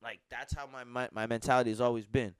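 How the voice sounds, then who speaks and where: A man's voice: mid-range voice, flat delivery, fast talker. A man co-hosting a podcast in casual chat, talking in a laid-back, rambling way. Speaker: podcast co-host. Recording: roomy, distant mic.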